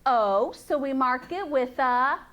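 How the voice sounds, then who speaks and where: Woman teacher, high voice, slow and encouraging delivery, phonics to small kids in a classroom. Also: expressive, a bit bright, slight background noise. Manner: slow, sing-song, encouraging, repeats sounds and rules. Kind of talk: phonics lesson to young students.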